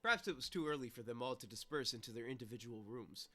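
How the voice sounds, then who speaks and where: A man streaming a visual novel, reading its narration aloud and breaking off into loud, sweary commentary. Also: medium pitch, fast. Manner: reads narration flatly, then swears and rants loudly. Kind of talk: casual let's-play reading and commentary.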